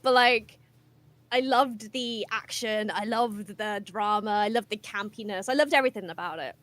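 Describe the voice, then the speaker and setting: A woman's voice: medium pitch, moderate pace, fairly bright tone. A woman from England with a hard-to-place southern English accent, a guest on a casual stream chat, bubbly and rambling.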